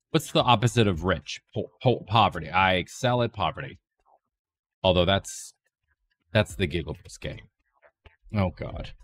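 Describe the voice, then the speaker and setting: On a livestream, a low-voiced man does a goofy impersonation of a woman streamer, rambling playfully in comedic chat. He swings between silly squeals and deadpan mumbles.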